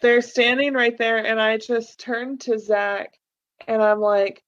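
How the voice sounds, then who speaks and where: A woman's voice: a little high, fairly even intonation, slow, dull audio. A young woman chatting on a casual podcast, talking freely and acting out the dialogue in her stories. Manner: chatty, acts out quoted dialogue. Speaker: podcast guest, host's wife. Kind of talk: casual chat.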